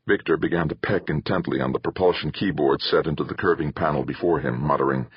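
A man narrating a novel in a dramatic, lively reading style. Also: rumbling low, fast talker, few pauses, slightly rough, no room sound. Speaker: audiobook narrator. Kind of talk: scripted narration of a sci-fi novel. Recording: slightly muffled.

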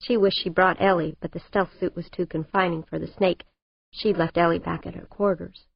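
A woman narrating an audiobook in a measured, even storytelling manner, on a dull, dry recording. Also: lowish voice, creaky, breathy edge, dry recording. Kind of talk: scripted narration.

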